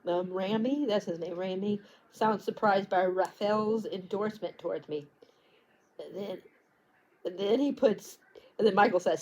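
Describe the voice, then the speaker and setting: A woman's voice: mid-range voice, unhurried, dark tone. A woman book vlogger talking in a casual, rambling way, tripping over words and restarting sentences. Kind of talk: casual chat.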